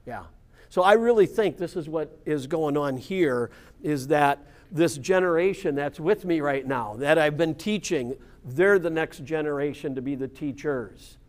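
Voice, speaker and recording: A man's voice: on the high side, a little slow. A man leading an informal Bible study class, explaining scripture conversationally and often checking in with the group. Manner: conversational, keeps checking in with "right?" and "yeah".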